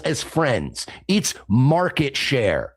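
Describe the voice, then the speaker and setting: A man's voice: medium pitch, wildly swooping pitch, drawn-out words, husky. A man in a played clip, lecturing aggressively in a tough-talking way.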